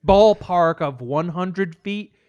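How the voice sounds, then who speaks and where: A man's voice: high voice, takes it slowly, a little mellow, smooth, highs cut off. A man co-hosting a comedy podcast, chiming in and echoing his partner during an improvised story. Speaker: podcast co-host.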